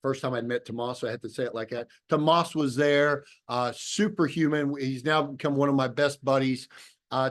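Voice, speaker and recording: Fired-up man telling a pitch story. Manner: acts out both sides of remembered conversations. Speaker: business opportunity presenter. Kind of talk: motivational storytelling to an audience. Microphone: video call.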